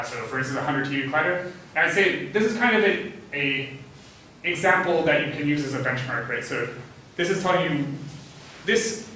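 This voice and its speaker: Male lecturer, hesitant delivery with frequent fillers, bright tone, picked up from afar in a very echoey room. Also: fairly high pitch, a little hiss or hum. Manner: hesitant, many "uh" fillers, thinking aloud. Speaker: physics lecturer. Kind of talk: academic talk. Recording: echoey hall, voice from far off.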